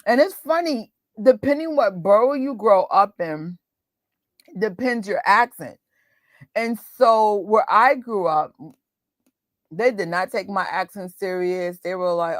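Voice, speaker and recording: A New York-accented woman from New York chats casually with live viewers as host of a movie watch party, laughing and quoting voices. She speaks at a measured pace in a mid-range voice, and the recording is dry and clean, studio-grade.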